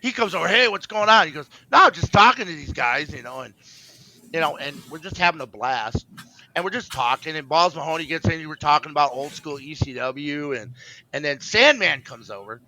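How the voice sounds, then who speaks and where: A man's voice: fairly high pitch, animated, fairly quick, bright, forceful tone, rough recording. A man co-hosting a podcast, telling a rambling story in casual chat, full of fillers and restarts and acting out the voices he quotes. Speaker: podcast co-host.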